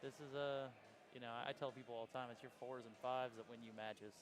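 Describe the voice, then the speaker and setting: Male co-commentator, mid-pitch, fast-paced casual analysis, crowd audible. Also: steady tone. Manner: affirming, quick analytical remarks. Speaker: pool match co-commentator. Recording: audible crowd noise behind.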